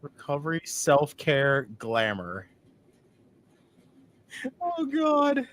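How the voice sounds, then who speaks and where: Excitable swearing man reacting to wrestling. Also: on the high side, extremely slow. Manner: excitable, swears freely, sudden loud outbursts. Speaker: watch-along co-host. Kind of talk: casual reaction commentary.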